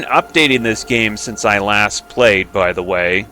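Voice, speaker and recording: A man's voice: medium pitch, animated, takes it slowly, hardly any pauses, pushed and bright, a little hiss or hum. A man giving casual commentary over his own strategy game, chatty and self-mocking, thinking aloud and making playful silly noises. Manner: playful silly noises and repeated sound effects. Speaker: game streamer.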